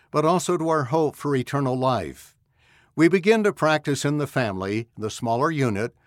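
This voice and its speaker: A man's voice: fairly high pitch, dry recording, clean studio sound. Solemn man reading a church address. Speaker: audio magazine reader. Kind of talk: scripted narration of a church address.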